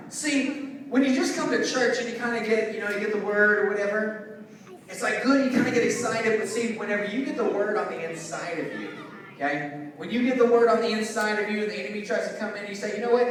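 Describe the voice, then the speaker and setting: A man preaching an energetic object-lesson sermon to young people as a youth pastor, calling out questions to the audience. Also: high voice, fast talker. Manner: energetic, call-and-response with audience. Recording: echoey hall, mic from a distance.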